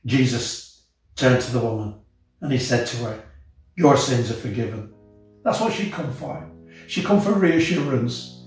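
Male pastor, earnest impassioned sermon, boomy church room, mic a bit far off. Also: measured pace, long pauses. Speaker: senior pastor. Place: church auditorium. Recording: echoey church hall, mic at a distance. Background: soft guitar music.

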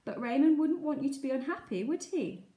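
A woman's voice: sits high, lively intonation, a little fast, echoey room, voice pushed up. A woman voicing a kind, soothing mother shark in a storybook. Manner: gentle, reassuring.

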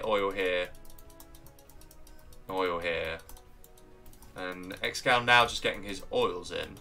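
An English man calls a strategy game match live, his fairly low voice full of chatty excitement, and he pauses to say hello to viewers along the way.

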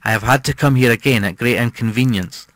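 A man's voice: medium pitch, a little fast, fairly bright tone, no room sound, natural voice. A man voicing a snappish, cold moneylender. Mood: angry. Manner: snappish, indignant. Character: irritable, cold-blooded male moneylender.

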